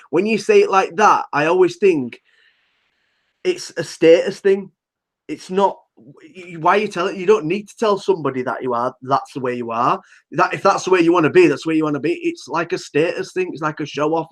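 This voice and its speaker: A British man on a casual banter podcast who mostly agrees with his co-host, with a voice a touch higher than average. When he does make a point, his speech comes out in halting, stop-start bursts.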